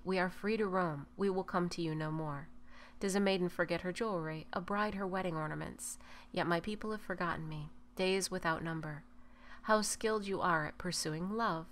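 A woman reads scripture aloud in a measured, even way. Her voice sits a little low for a woman. A faint hiss of noise runs underneath. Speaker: scripture reader.

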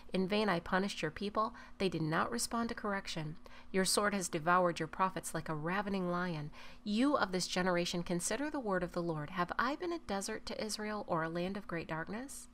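A woman reads scripture aloud in a measured, even way. Her voice sits a little low for a woman. A faint hiss of noise runs underneath. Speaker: scripture reader.

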